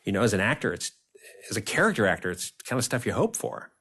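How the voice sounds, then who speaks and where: A man in his fifties, a guest on an interview podcast, telling lively stories and laughing often. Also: fairly low pitch, quick pace, slightly rough. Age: 50s. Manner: animated storyteller, laughs often. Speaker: guest actor.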